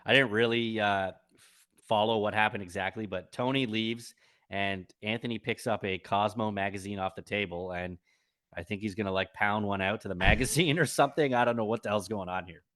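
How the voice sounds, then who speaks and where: Bright-toned dry male podcast co-host. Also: fairly low pitch, brisk. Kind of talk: casual chat.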